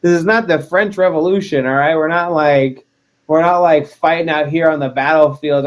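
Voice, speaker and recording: Joking, animated man in an interview. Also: a little high, normal speed. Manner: joking, self-deprecating, animated. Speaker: wrestler, interview guest. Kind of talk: casual interview chat.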